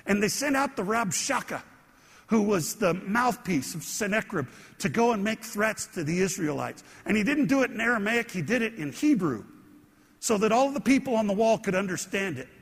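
A man's voice: high voice, sing-song, moderate pace, slightly rough. A man preaching a sermon in a conversational way, asking his congregation questions as he goes. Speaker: pastor. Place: church sanctuary. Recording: long church hall reverb.

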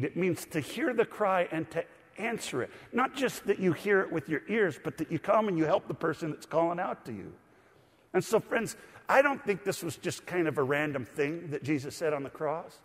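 A man's voice: fairly high pitch, breathy edge. A man preaching a sermon as pastor, teaching and asking the congregation to read along. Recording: long hall reverb.

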